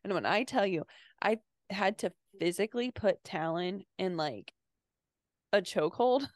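A woman's voice: medium pitch, expressive, measured pace, dry recording, clean studio sound. A woman co-hosting a podcast in casual chat, telling stories with frequent laughs. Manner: chatty storyteller, laughing often. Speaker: podcast co-host.

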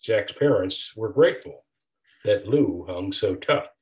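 An older man, an author reading his own rhyming picture book aloud with a steady rhythmic delivery. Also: lowish voice, a little slow. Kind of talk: storybook read-aloud.

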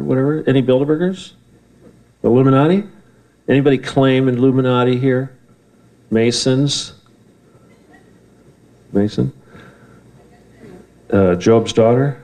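Male speaker, mid pitch, loose and profane, working a live room. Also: a little mellow, poor audio. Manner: rambling, heated and profane. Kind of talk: talk to a live audience. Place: event room with an audience.

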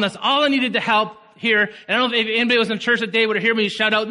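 A pastor preaching a passionate sermon, his voice surging up to loud shouts of emphasis. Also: high-pitched, steady tone, rapid-fire, few pauses. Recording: long hall reverb.

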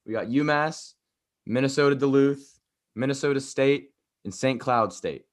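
Young guy excitedly talking hockey picks. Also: mid-range voice, normal speed. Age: young adult. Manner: upbeat, jokey banter. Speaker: sports podcast co-host. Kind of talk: casual sports chat.

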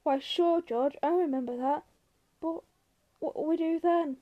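A woman voicing a huge, slow, gentle man who talks softly and pleads like a child, raising her voice higher for him. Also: muffled recording. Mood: pleading.

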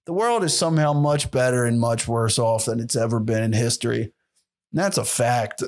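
A man's voice: mid-range voice, moderate pace. A young man hosting a solo podcast, rambling and sarcastic with plenty of swearing. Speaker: podcast host.

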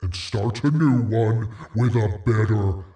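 A man voicing a stern, cold AI chatbot that lays down terms in a slow, commanding way. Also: lowish voice, mellow, roomy sound, distant mic.

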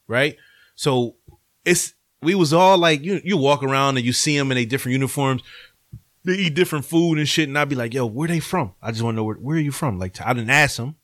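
A man's voice: medium pitch, fairly bright tone, no echo, clean studio sound. Profane, storytelling man. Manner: loose, profane storytelling, acting out quotes. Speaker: podcast co-host, military veteran. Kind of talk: casual chat.

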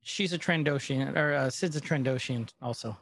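A man's voice: mid-range voice, moderate pace, fairly bright tone, no room sound, studio quality. A man co-hosting a podcast, recapping an episode in casual chat with rambling, filler-heavy storytelling. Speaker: podcast co-host.

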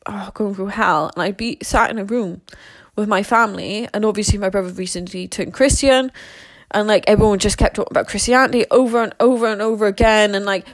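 A woman's voice: medium pitch, fairly even intonation, brisk, no echo. Candid young woman, rambling. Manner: candid, rambling, swears freely. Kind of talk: casual personal storytelling.

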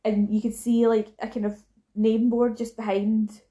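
A woman's voice: fairly high pitch, little pitch movement, normal speed, mellow. A young Scottish woman chatting casually about a film, acting out the characters' lines as she retells scenes.

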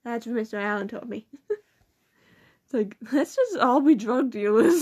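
Giggly high-voiced teen girl rambling. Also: animated, normal speed, long pauses, darkish tone, slightly rough. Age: teens. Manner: rambling, giggly, quotes people in mocking voices. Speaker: student vlogger. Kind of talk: casual chat.

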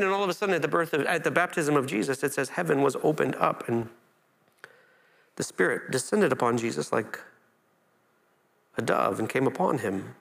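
Man, pastor, conversational sermon, slightly high voice, restarts phrases, rises when quoting Scripture. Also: lively intonation, fairly quick, vocal fry, long pauses, fairly bright tone.

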